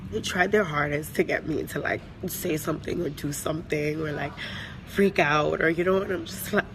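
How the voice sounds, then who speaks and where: A woman's voice: low voice, moderate pace. Agitated woman ranting in a noisy airport. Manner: agitated, profane, full of "like" fillers. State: upset, trying to calm down. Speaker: vlogger venting after a flight. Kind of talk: angry phone vlog rant.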